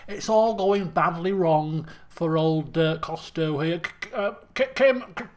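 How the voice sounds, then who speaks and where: A man commentating on a game he plays, excitable and full of exclamations. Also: a little high, a little slow. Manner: excitable, exclamatory, laughing asides. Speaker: gameplay commentator. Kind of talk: let's play commentary.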